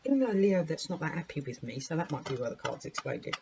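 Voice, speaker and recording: A woman with a sore, hoarse throat gives a casual tarot reading, chatty and swearing lightly as she talks to her cards. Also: sits low, sing-song, fast. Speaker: tarot reader. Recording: muffled recording with clear background noise.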